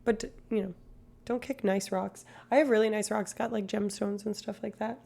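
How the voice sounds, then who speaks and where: A woman's voice: medium pitch, steady tone, moderate pace, creaky, dark tone, slightly rough. A woman in her twenties chatting casually on a livestream in a put-on Australian accent that slips at times. She is self-mocking, laughs often and swears freely. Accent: put-on Australian, slipping at times. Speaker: streamer.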